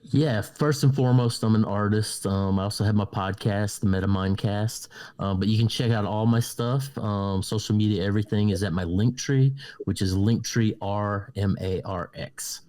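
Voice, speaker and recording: A man with a lowish voice speaks on a podcast video call. He is an artist and lays out where to find his work plainly and quickly, with a few fillers. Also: fairly even intonation, warm tone. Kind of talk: casual plug.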